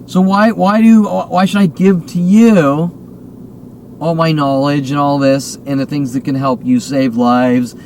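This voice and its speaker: A man's voice: fairly high pitch, steady tone, slow pace, a little mellow, a little hiss or hum, rough recording. A man of about fifty delivering a heated, accusatory monologue, swearing often and repeating himself. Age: 50s. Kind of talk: agitated monologue rant to camera.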